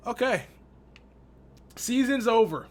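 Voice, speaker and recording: A young Texan gaming YouTuber offers casual, slangy commentary on a sports video game, sounding exasperated and laughing often. His voice is very high-pitched, with lively intonation and a slow pace.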